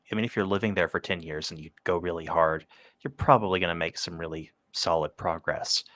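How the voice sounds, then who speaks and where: A man hosting a podcast, making measured, reflective points in a casual conversation. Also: sits low, pushed and bright, dry recording. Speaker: podcast host.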